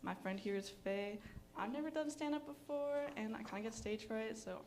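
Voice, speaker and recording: A woman's voice: on the high side, normal speed, background noise. A young woman doing stand-up for the first time, giggly and rambling with self-deprecating jokes. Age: young adult. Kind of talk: nervous stand-up set. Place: small comedy stage.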